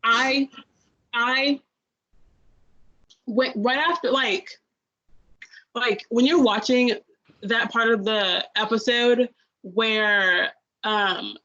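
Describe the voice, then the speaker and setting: Young woman, podcast co-host, fairly high voice, rambling storyteller, casual review chat, dull lo-fi sound. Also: slow pace, pushed and bright.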